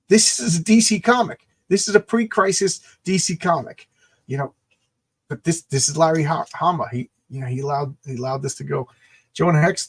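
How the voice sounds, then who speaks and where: An excitable man recaps a comic book in casual chat, often restarting his sentences with a stammer. His voice is husky and sits slightly high. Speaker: comic book podcast co-host.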